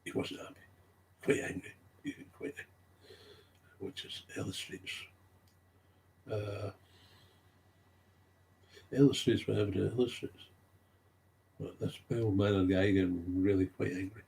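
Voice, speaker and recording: A man's voice: on the low side, fairly even intonation, measured pace, gravelly, long pauses, darkish tone. A man speaking in an unscripted monologue, telling stories from recovery work, getting agitated and repeating his key phrases for emphasis.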